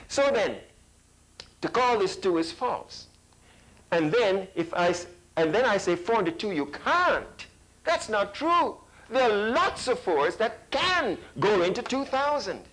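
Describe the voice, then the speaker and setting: Animated emphatic male math teacher. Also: high voice, low-quality recording. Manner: emphatic, rhetorical questions, mimics teachers and children. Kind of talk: workshop lecture to parents.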